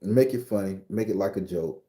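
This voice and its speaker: A man from southern Florida, a spiritual reader hosting a casual live stream on his phone. He talks in a bawdy, joking, loud way. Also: deep voice, normal speed. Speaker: spiritual reader and channel host.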